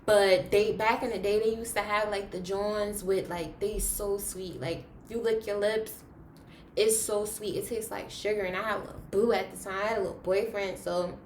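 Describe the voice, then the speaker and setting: Animated young woman telling a story. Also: medium pitch, normal speed, a little hiss or hum. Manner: animated, dramatic retelling with big swings in loudness. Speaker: vlogger. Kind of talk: casual storytime. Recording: roomy echo.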